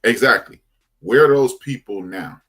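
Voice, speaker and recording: A middle-aged man co-hosting a podcast, telling stories in casual slang and growing animated when he makes a point. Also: mid-range voice, a little slow. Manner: laid-back storytelling with slang, animated when making a point. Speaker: podcast co-host. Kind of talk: casual chat.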